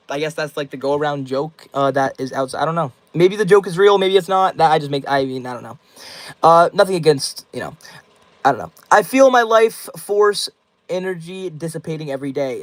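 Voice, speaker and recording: A man's voice: a little high, expressive, normal speed, dry recording, low-quality recording. A young man hosting a casual livestream, reading viewer comments aloud and answering them in loose, slangy rambles. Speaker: livestream host.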